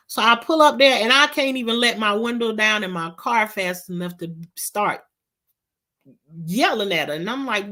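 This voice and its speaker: A woman's voice: medium pitch, normal speed, gravelly, sharp tone. A middle-aged woman, telling a storytime vlog in an emphatic, exasperated way. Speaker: vlogger.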